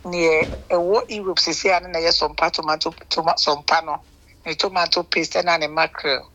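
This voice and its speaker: A speaker from Ghana, a shop owner appearing as a guest on a radio show and delivering a steady, earnest sales pitch. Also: fairly quick, dull audio. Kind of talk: promotional radio interview.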